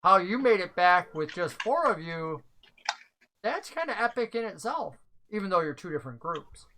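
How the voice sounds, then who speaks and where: A woman's voice: on the low side, big pitch swings, moderate pace, a bit bright, a little hiss or hum. A woman narrating a tabletop game as game master, chatty and loose with fillers. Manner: chatty, filler-heavy description.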